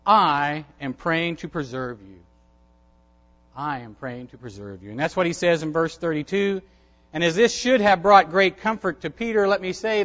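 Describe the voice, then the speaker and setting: A man's voice: sits high, a bit bright, lo-fi sound. A man preaching a sermon as a pastor, emphatic and repeating phrases for stress.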